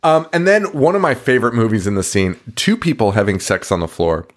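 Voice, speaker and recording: A man's voice: medium pitch, big pitch swings. Profane, laughing man retelling a movie. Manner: profane, laughing, acts out scenes in quick voices. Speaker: podcast co-host. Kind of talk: casual movie review chat.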